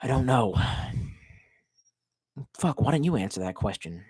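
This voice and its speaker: Male streamer, lively pitch, profane rambling rants and sudden shouts. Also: measured pace, breathy edge, no room sound, clean studio sound. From United States. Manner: profane, ranting, talks to himself, sudden yells. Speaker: live streamer reading chat. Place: home basement room.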